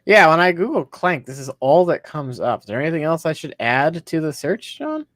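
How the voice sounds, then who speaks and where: Man, casual co-host, explaining games, dry close sound, a bit high. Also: sing-song, normal speed, fairly bright tone, dry recording. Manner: explains, reads product text aloud. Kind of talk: casual chat.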